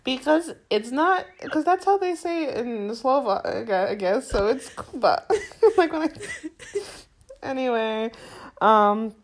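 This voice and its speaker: A woman with a high, lively voice and a Floridian American accent speaks at an unhurried pace. She's co-hosting a podcast, chatting casually and retelling film scenes with plenty of "like" and "um."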